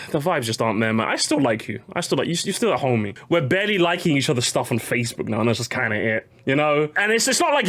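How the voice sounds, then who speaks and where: Animated young man streaming commentary. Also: on the high side. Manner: animated, talks to chat, jokey tangents. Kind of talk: casual live-stream commentary. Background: faint game music.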